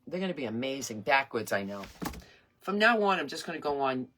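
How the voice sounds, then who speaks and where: Low-voiced emotional woman in her sixties. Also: very animated, brisk, fairly bright tone, a little hiss or hum. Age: 60s. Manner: emotional, rambling, earnest. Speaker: craft page host. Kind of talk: casual live-stream chat.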